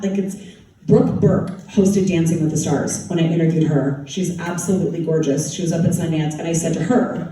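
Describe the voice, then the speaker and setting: Utah lady tv host quizzing the crowd, talks loose and funny, booming hall echo, sounds far off. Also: steady tone, normal speed, mellow. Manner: chatty and playful, quizzes the crowd. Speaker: TV show co-host giving a talk. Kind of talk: humorous motivational talk to a live audience. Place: large hall with an audience. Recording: echoey hall, mic heard from a distance, crowd noise.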